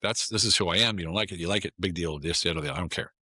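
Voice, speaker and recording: A man's voice: low-pitched, racing, bright, forceful tone, breathy edge, no echo, studio quality. A middle-aged American man, a guest on a casual podcast, talking in a blunt, emphatic way and often repeating himself. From United States.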